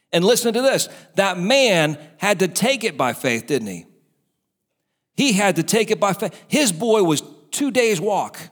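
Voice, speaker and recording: Male pastor, high voice, preaching, acts out the doubters' and the devil's voices. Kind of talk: sermon.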